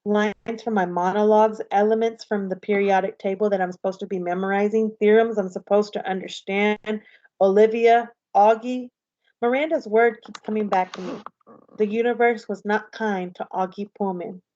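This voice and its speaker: A woman teacher reads a novel aloud in a steady storytelling voice. Her tone is mellow and a little dark, and the lo-fi recording dulls it slightly. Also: mid-range voice, normal speed.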